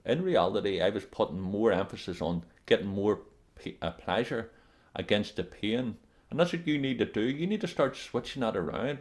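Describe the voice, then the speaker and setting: A man presenting a self-help video, talking bluntly and emphatically straight to his viewers, repeating his main points and calling them "guys". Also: lowish voice. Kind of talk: direct-to-camera motivational advice.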